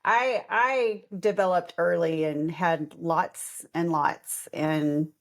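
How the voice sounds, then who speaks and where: Animated middle-aged woman telling a story. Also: on the low side, slow pace. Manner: animated, acts out quoted voices, laughs often. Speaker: podcast co-host. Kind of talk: casual storytelling chat.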